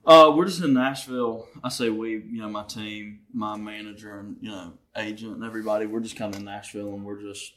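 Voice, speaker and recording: A man's voice: lowish voice, steady tone, fairly quick, few pauses, fairly bright tone, slight background noise. A young man with a Southern US accent, chatting as a podcast guest and telling brash stories, swearing freely. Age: young adult. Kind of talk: casual chat.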